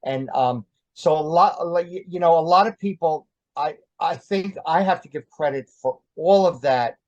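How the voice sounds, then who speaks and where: A man's voice: fairly high pitch, moderate pace, a little mellow, no echo, highs cut off. An older man recounting his past as an interview guest in casual, rambling storytelling, full of ums and uhs.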